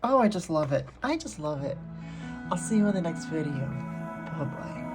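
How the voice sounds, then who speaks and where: A woman's voice: on the low side, sing-song, moderate pace, over loud music. A woman art vlogger chatting casually to herself and her viewers while painting, gushing and laughing often.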